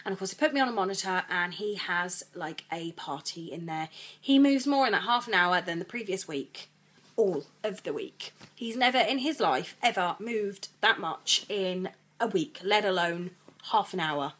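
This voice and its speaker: A woman vlogging about her week, talking in long rambling runs. She is pregnant and retells events with animated energy, quoting the people involved. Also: on the low side, normal speed. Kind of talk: chatty vlog storytelling.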